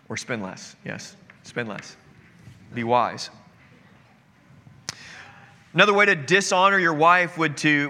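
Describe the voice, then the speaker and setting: A man's voice: medium pitch, bright, forceful tone. A man preaching a sermon as pastor in an earnest, conversational way with casual asides. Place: church sanctuary. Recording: long hall reverb.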